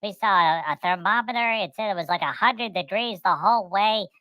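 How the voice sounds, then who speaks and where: A woman's voice: mid-range voice, brisk, no room sound, muffled recording, close to an everyday voice. A woman voicing a cheerful podcast guest who rambles, repeats words and talks about itself in the third person. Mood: chatty. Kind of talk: rambling storytelling chat.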